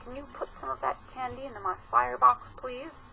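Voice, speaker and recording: Percy, a squeaky little engine. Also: male voice, fairly even intonation, fairly quick, vocal fry, sharp tone, exaggerated voice, poor audio. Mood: whispering, pleading. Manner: high squeaky put-on voice. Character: small young male engine, eager and sneaky.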